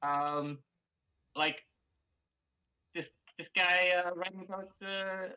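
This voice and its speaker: A man's voice: high-pitched, fairly even intonation, slow pace, bright, forceful tone, smooth, low-quality recording. A man chatting on a casual reading stream, hesitant and full of ums, but kind and reassuring. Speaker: guest reader.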